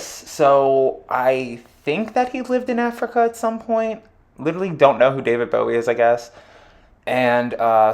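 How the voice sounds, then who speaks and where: A man giving a casual solo astrology chart reading, rambling with lots of fillers and offhand jokes. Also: on the low side. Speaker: astrology reader.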